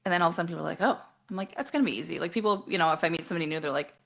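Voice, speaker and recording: Woman coach, interview guest; lively, plays out quoted lines, laughs easily; slightly low, fry-edged voice. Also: very fast. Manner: animated, acts out quoted voices, laughs often. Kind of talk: casual interview talk.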